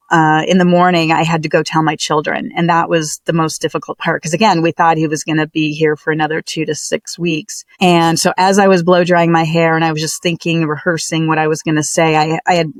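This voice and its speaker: A middle-aged woman, a podcast guest, telling a deeply personal story with earnest emotion and vivid detail. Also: flat delivery, a little fast, few pauses, dry recording.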